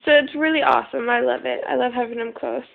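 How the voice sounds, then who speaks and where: A woman's voice: on the high side, steady tone, quick pace, gravelly, phone-quality sound. A young woman telling a rambling story in casual talk, full of fillers and the odd swear word, recorded on a phone. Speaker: vlogger.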